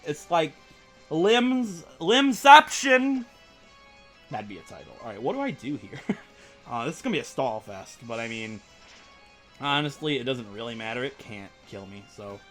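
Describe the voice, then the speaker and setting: Excitable, jokey gaming commentator man. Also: medium pitch, a little fast, soft background music. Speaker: gaming channel host. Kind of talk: let's play commentary.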